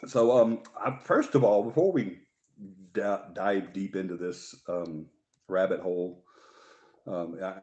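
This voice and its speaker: A man's voice: deep voice, a little slow, darkish tone, dull audio. A man hosting a paranormal talk show in casual, rambling live-stream chat, joking and restarting his sentences. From Alabama.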